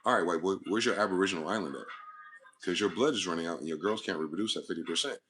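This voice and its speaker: Alone on his own channel, a man delivers a rambling, profane monologue to camera built on wordplay. His low voice is husky and a bit bright, and he talks very fast.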